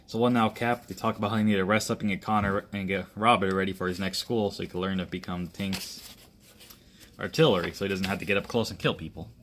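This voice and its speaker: A man with a fairly low voice tells an improvised action story. He rambles and restarts often, and voices each character's lines himself instead of reading from a polished script. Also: fairly even intonation, a bit bright, slight background noise. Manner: rambling, halting delivery with frequent restarts. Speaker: amateur storyteller.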